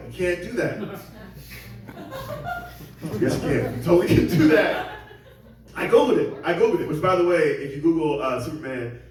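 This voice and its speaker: Stand-up comedian in a very echoey club. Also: male voice, high voice, huge pitch swings, moderate pace, long pauses. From Seattle area. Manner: rambling, self-deprecating, acts out quoted voices. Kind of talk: stand-up set. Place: comedy club stage with audience. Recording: very echoey room, mic at a distance.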